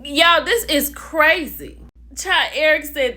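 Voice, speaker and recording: A woman vlogger recapping a reality show in a casual gossip style, animated, calling viewers "baby" and "child". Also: mid-range voice, measured pace. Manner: animated storyteller, calls viewers "baby" and "child", laughs often.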